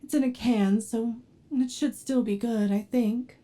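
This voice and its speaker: Casting: a woman playing a clingy yandere android for whispered role-play, high and mellow, soft and pleading. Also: fairly even intonation, unhurried, close to an everyday voice. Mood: tender, anxious. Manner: soft and pleading, flaring into anger. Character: obsessive devoted yandere android, adult, unstable temper. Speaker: ASMR role-play performer.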